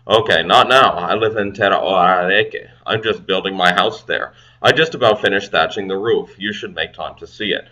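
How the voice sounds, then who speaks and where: A man with a deep voice and a bright, crisp edge works through a language lesson on his own. He sounds out foreign phrases slowly and deliberately. Then he drops into quick, casual asides to explain what they mean. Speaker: language learner and video host.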